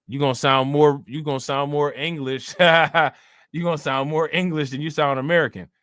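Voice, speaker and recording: A man's voice: on the high side, fairly even intonation, a little fast, fairly bright tone, no room sound, clean studio sound. A man hosting a live stream, talking loosely and profanely, laughing often and repeating himself. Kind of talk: casual live-stream commentary.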